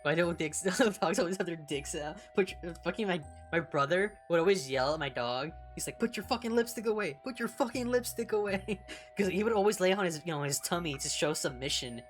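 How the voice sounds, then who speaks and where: A young woman streamer with a low voice chats casually, blunt and full of swearing. She laughs often as she reads along, with faint music behind her. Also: fairly quick. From California, United States. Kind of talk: casual chat while reading along.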